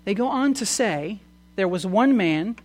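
A preacher giving a sermon, asking the listeners questions and moving between loud proclamation and quiet, conversational asides. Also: medium pitch, expressive, unhurried. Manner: asks the audience many questions.

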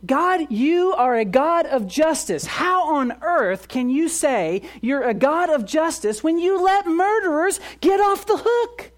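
A preacher voicing Satan as a male accuser, condemning and mocking in a raised, shrill voice. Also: lively intonation, slow pace, few pauses. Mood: accusing.

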